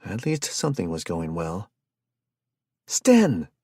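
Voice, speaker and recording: Un hombre que narra un audiolibro con lectura pausada y constante. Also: male voice, deep voice, expressive, a little mellow, breathy edge, dry recording, clean studio sound. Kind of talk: scripted narration.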